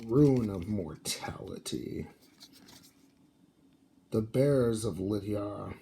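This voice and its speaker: A man's voice: fairly low pitch, extremely slow, gravelly, dark tone, a little hiss or hum. A sleepy, yawning man casually reading out card names as he opens booster packs. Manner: reads card names aloud in a muttering, offhand way. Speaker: card-opening video host. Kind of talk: casual card unboxing commentary.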